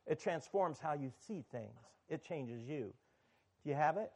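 A man's voice: fairly high pitch, lively intonation, a little slow, darkish tone, breathy edge. A man, the pastor of a church, preaching a sermon in a conversational, sometimes emphatic way.

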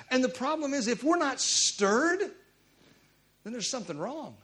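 Male pastor, sermon, high voice, wide swooping pitch, animated storytelling, loud bursts on key words. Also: moderate pace.

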